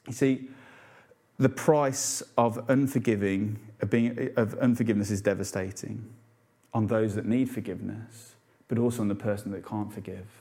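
Preaching earnestly to his congregation, a man with a medium-pitched, dark voice poses rhetorical questions. His unpolished delivery includes some fillers and restarts.

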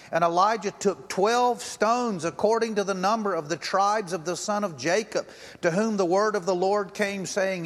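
A man preaching a sermon, telling the story dramatically and swinging between loud outbursts and hushed moments. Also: high voice, long reverb tail. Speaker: pastor.

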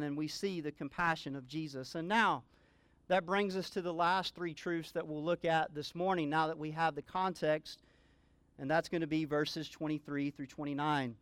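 A man's voice: high-pitched, normal speed, fairly bright tone, clear, resonant tone, no echo. Male pastor, sermon, earnest, emphatic peaks, dry close recording. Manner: earnest preaching, rising to emphatic exclamations.

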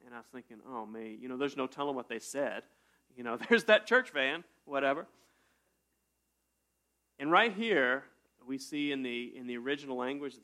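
A man's voice: mid-range voice, pushed and bright. A man preaching a sermon as pastor, in a conversational way with rhetorical questions.

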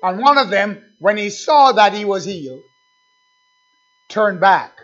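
Male preacher, slow deliberate sermon delivery building to fervent calls, dull low-fi recording. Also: animated. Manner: preaching with rising, fervent calls and quiet asides.

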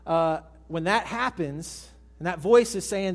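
A man preaching a sermon with a fairly high voice. He talks straight to the congregation with questions, then drops to a soft hush for the tender lines. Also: unhurried, few pauses. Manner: swings from raised emphatic lines to hushed soft ones; asks the congregation direct questions. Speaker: pastor. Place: church service with congregation.

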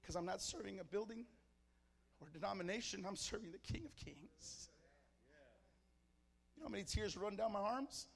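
High-voiced fervent man preaching. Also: lively intonation, moderate pace, creaky, long pauses, in a large hall. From Mexico. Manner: fervent, storytelling, punchy short phrases. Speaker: pastor. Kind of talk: sermon. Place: church service.

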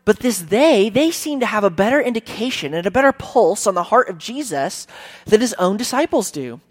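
A man's voice: sits high, big pitch swings, normal speed. Conversational preacher, emphatic man. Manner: conversational, emphatic, acts out quotes. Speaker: pastor. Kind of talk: sermon.

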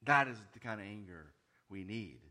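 A man preaching a sermon, moving from hushed, quiet lines to loud, raised ones and asking his listeners many questions. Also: fairly low pitch, animated, normal speed. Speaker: pastor.

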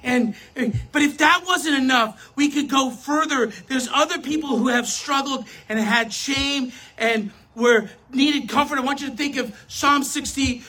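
High, bright-voiced emphatic preacher. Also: a little slow, hardly any pauses. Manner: emphatic, swings between loud and soft; addresses the audience directly, self-correcting. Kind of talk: sermon.

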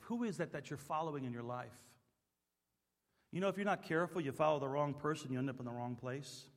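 Man preaching, high voice, quiet asides then loud emphatic lines, long hall echo. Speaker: pastor. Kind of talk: sermon.

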